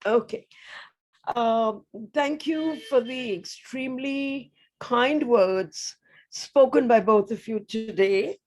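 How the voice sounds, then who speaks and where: An older woman giving an earnest, measured address to new students over a video call, asking rhetorical questions. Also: a little high, a little mellow. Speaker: guest speaker.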